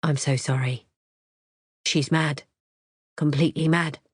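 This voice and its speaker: A woman voicing a nervous, apologetic man who speaks slowly and carefully. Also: very deep voice, steady tone, a little mellow, no room sound, clean studio sound, heavily acted. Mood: sheepish. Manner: slow, careful, hesitant.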